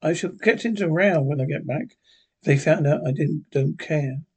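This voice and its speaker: A proud little girl from an old horror tale speaks in a high, prim voice with a husky edge, as a male reader puts her on. She stays polite and curious, a touch haughty. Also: normal speed.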